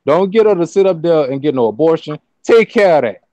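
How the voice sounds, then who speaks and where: A man's voice: on the high side, lively intonation, a little fast, dark tone, no room sound. Blunt man on dull lo-fi audio. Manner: blunt, profane, lecturing. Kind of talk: casual chat.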